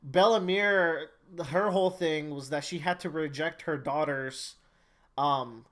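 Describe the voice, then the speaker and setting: A man's voice: on the high side, measured pace, fairly bright tone. A man co-hosting a casual podcast, laying out a thoughtful comparison of story themes. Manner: thoughtful, analytical. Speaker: podcast co-host. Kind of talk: casual chat about an anime.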